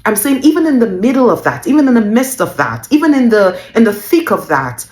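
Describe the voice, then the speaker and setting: A woman's voice: mid-range voice, very animated, a little fast, few pauses, darkish tone, echoey room. A woman giving a motivational Christian talk as a business coach, emphatic and repeating phrases for stress, often laughing mid-sentence. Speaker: faith-based business coach.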